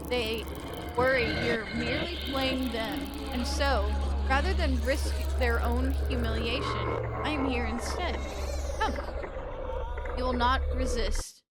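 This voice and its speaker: A woman voicing a cold, mocking villain who taunts and menaces the player in a horror game. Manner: low, contemptuous, menacing.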